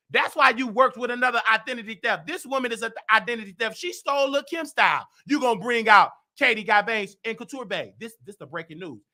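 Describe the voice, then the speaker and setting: Loud gossip host guy, high bright voice, aave, fast trash talk, keeps yelling. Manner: brash, rapid, trash-talking, shouts often.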